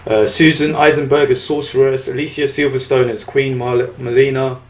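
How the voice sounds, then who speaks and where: A man's voice: medium pitch, little pitch movement, normal speed, background noise. A man hosting a casual podcast chat, laughing often and reading out a cast list with plenty of fillers. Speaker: podcast host.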